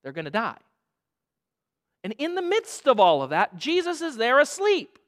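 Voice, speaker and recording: A man preaching a sermon as a pastor, dramatic and emphatic, dropping to a hush and rising again, repeating phrases for emphasis. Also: extremely high pitch, wildly swooping pitch, moderate pace. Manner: dramatic, swings from hushed to loud emphasis.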